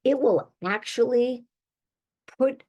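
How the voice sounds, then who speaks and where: A woman's voice: fairly high pitch, slow, muffled recording. An older woman, a therapist hosting her own show, giving emphatic, conversational advice straight to listeners with little laughs between points. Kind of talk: direct-to-listener advice monologue.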